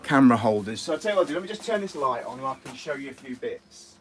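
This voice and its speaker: A man's voice: medium pitch, sing-song, racing, slight background noise. A middle-aged English man with an English accent, rambling and restless as he chats casually to viewers on a woodworking live stream. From England.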